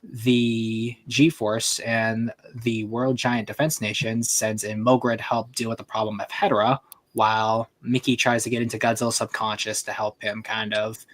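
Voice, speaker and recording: A man's voice: lowish voice, little pitch movement, moderate pace, a bit bright. A man hosting a livestream over online voice chat, chatting loosely and summing up a fan story with fillers and restarts. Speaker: livestream host.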